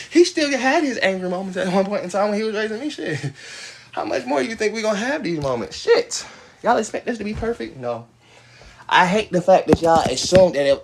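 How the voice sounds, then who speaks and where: A man talks loosely through a home livestream, his voice sitting a little on the high side. He rambles and swears, and every so often he breaks off to holler at dogs out by the porch. Faint noise hums under the recording. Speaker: livestream host. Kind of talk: casual rambling livestream talk.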